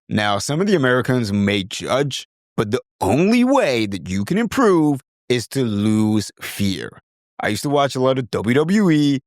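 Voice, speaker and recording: Brief: British podcast host, earnest coach, middle pitch, dry close recording. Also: male voice, very animated, unhurried, dry recording. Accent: British English. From England. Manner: earnest, demonstrates voices. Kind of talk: accent coaching talk.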